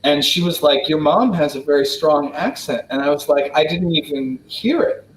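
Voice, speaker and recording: An American man from Wisconsin answering questions in a relaxed, casual way, with many fillers and restarts. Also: a little high, normal speed, echoey room, slight background noise, poor audio. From Wisconsin, United States. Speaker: guest diplomat answering questions. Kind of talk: casual spoken Q&A.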